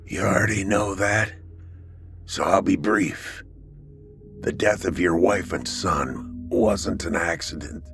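A man voicing a frail, dying male inmate with a croaky voice, speaking slowly in a hushed near-whisper. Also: low-pitched, soft background music, heavily acted. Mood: strained, confessing.

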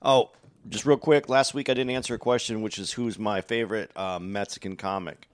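A man co-hosting a podcast, chatting in a laid-back, low-key way. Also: steady tone, brisk, dry recording. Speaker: podcast co-host. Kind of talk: casual podcast chat.

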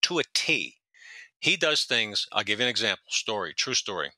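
Animated storyteller, man with a very bright voice. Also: fairly low pitch, normal speed, no room sound, poor audio. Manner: animated, profane, laughs at his own stories. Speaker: guest, former NYPD detective. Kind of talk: casual anecdote storytelling.

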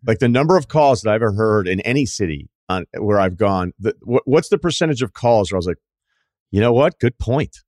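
A man from the Boston area hosting a podcast, telling stories in a casual, animated way, acting out quotes and swearing freely. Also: lowish voice, fast, hardly any pauses, no room sound, clean studio sound. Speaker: podcast host and longtime radio host. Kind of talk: casual storytelling chat.

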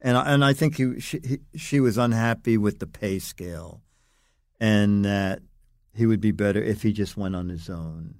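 An older man, a guest on an interview podcast, telling animated anecdotes and acting out other people's lines. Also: fairly low pitch, normal speed, no echo, studio quality. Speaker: guest, longtime magazine writer.

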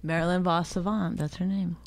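A woman's voice: on the low side, flat delivery, fairly quick. Sarcastic teasing woman co-host. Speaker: podcast co-host. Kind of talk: casual chat with a read ad.

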